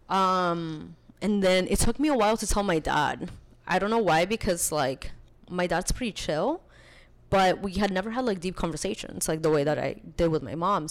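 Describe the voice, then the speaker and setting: A woman in her twenties, a guest on a podcast, talks in a relaxed and chatty way with lots of "like" along the way. Her voice sits a little on the low side for a woman. She retells her story with lively, animated energy. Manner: chatty, peppers speech with "like". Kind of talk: casual storytelling chat.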